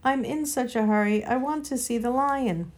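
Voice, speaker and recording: A woman's voice: on the high side, moderate pace, pitched above the performer's own voice, lightly acted. A woman reading a storybook aloud and voicing an earnest young boy who speaks eagerly and urgently. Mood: pleading.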